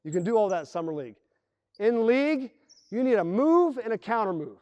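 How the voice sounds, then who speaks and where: A man's voice: sits high, a little fast, dry recording. A man coaching a basketball team through plays on the court, explaining and calling out actions with energy. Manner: energetic, calls out plays and acts out players' voices. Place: indoor basketball gym.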